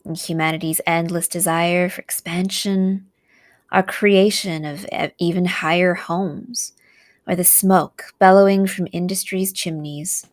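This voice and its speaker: A woman narrating a visual novel aloud in a slow, soft storytelling manner. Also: lowish voice, fairly even intonation.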